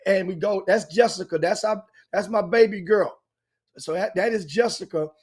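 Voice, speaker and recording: An older man with a drawl spins a long, meandering story as a talk show host. His voice sits a little high, and he circles back on himself as he talks. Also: moderate pace, breathy edge. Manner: animated, rambling anecdote with frequent restarts. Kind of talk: casual storytelling chat.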